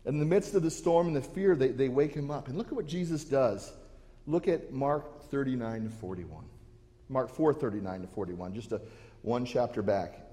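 A man's voice: mid-range voice, lively intonation, moderate pace, dark tone, long reverb tail. A pastor preaching a sermon to his church, earnest and given to restarting his phrases. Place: church sanctuary.

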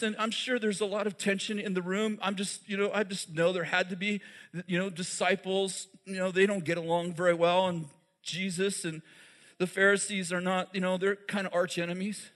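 A man's voice: high-pitched, fairly even intonation, moderate pace, a bit bright. A man preaching a sermon in a conversational way, asking the audience questions and laughing at his own jokes.

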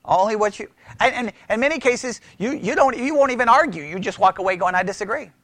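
A pastor teaching church history as a sermon-style lecture, animated, asking the room questions and often restarting his words. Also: high voice, fast, no room sound. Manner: animated, asks the room questions, mimics critics.

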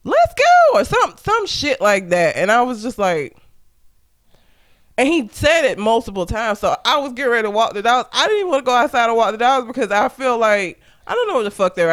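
A woman's voice: medium pitch, clear, resonant tone. A young woman co-hosting a casual chat, candid and laughing often as she tells stories. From Southern United States. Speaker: podcast co-host.

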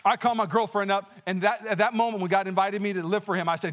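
Fast-talking high-voiced male pastor. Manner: energetic, personal storytelling with exclamations; conversational with many fillers and restarts. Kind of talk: sermon.

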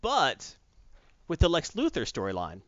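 A man casually recapping a comic book story as a podcast host, jumping into quick character voices as he retells it. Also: on the high side, wildly swooping pitch, fairly bright tone, no room sound, muffled recording.

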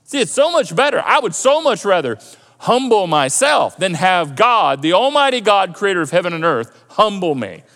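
A male pastor preaching a sermon in a lively, conversational way and often repeating himself. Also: high-pitched, moderate pace. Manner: animated, conversational preaching with repetitions. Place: church auditorium. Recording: echoey hall.

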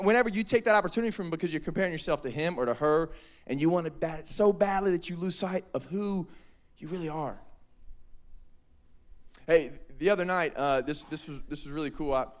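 Young guy preaching to kids, kinda high voice, jokey and animated. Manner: animated, joking, quotes people in voices. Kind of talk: lively youth sermon. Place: church hall.

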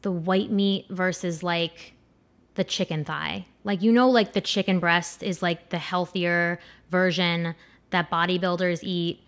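A woman's voice: fairly low pitch, fairly even intonation, measured pace. A young woman giving a casual, rambling countdown commentary, crude and full of fillers like "like" and "um". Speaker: commentator ranking adult performers.

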